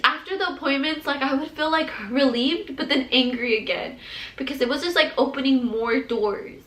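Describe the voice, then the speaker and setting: A woman's voice: sits high, normal speed, a bit bright. A woman sharing her own experience in a candid vlog, rambling and emotional and filling her speech with "like". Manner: rambling, heavy use of "like", emotional and open. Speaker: mother sharing her postpartum depression story. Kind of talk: candid personal storytelling vlog. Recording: roomy echo.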